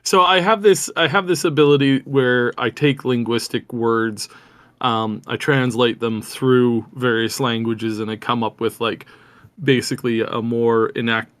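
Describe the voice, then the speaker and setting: A man's voice: mid-range voice, steady tone, measured pace, fairly bright tone. A man co-hosting a gaming news podcast, talking casually with many restarts and growing indignation. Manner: rambling, frequent restarts, indignant. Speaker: podcast co-host.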